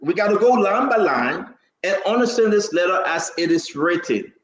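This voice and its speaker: Host pushing back hard, repeats himself, high lively voice. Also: male voice, moderate pace, echoey room. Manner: defensive, demanding, repeats himself. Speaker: talk show host. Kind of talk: heated political talk show debate.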